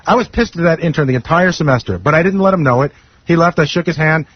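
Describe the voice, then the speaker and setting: A man's voice: on the high side, fast, slightly rough. A man on a radio talk show, earnest and a bit defensive as he explains himself. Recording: muffled lo-fi radio broadcast.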